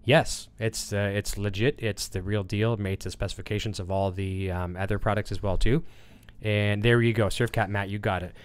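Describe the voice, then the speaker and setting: A man's voice: lowish voice, steady tone, moderate pace, clear, resonant tone. A man hosting a casual livestream, rambling with lots of fillers as he reads chat comments and tells a story. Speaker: livestream host.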